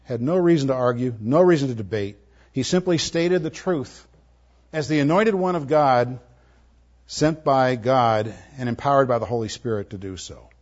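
A man preaching a sermon, moving between emphatic, forceful lines and soft, tender ones. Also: mid-range voice, moderate pace. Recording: muffled, lo-fi audio.

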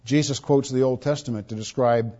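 A man's voice: medium pitch, steady tone, fairly quick, warm tone. A man preaching a sermon as a pastor, stressing points by repeating words. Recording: dull lo-fi recording.

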